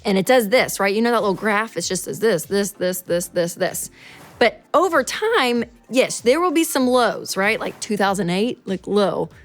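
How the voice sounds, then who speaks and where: A woman's voice: normal speed, faint music behind. Chatty woman giving money advice. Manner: animated, chatty, acts out quotes in a higher voice. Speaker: show host. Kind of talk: casual money advice talk.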